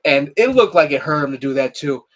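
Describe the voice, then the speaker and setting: A man's voice: on the high side, lively intonation, brisk, poor audio. A man co-hosting a live podcast, chatting casually and laughing often. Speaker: podcast co-host. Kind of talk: casual chat.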